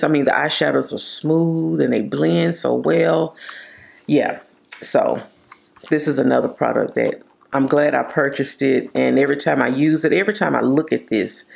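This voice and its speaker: With a low voice and vocal fry, a woman who vlogs about beauty chats about her favorite makeup products. She gushes casually and draws out her words to emphasize them.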